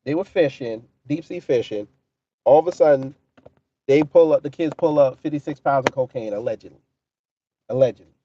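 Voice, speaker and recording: A man's voice: mid-range voice, fairly quick, pauses often, mellow, dull audio. A man hosting a casual livestream, talking in a profane, mocking way and answering his chat. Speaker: livestream commentary host.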